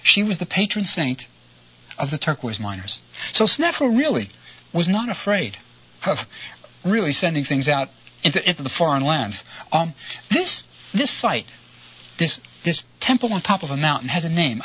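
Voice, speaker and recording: A man's voice: on the high side, normal speed, breathy edge. A middle-aged man lecturing in a storytelling way, conversational, often checking in with his listeners. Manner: animated, conversational, frequent "right?" asides. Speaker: lecturer on ancient history. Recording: slightly dull lo-fi recording with faint noise.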